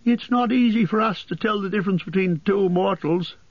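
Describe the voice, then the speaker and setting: A bantering, amused male elf with a light, raised voice, as a male audiobook reader puts him on. He speaks quickly and playfully. The storybook recording is dry and slightly dull. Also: sits high, no room sound, voice pushed up. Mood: teasing.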